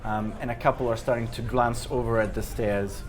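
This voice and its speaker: A man's voice: mid-range voice, steady tone, a little fast, a little hiss or hum. A man running a tabletop game as game master, narrating with hesitant fillers.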